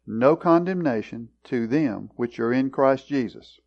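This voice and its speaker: A man leading a Bible study, explaining verses in a deliberate, explanatory way and clearing his throat often. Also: medium pitch, expressive. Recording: dull lo-fi recording.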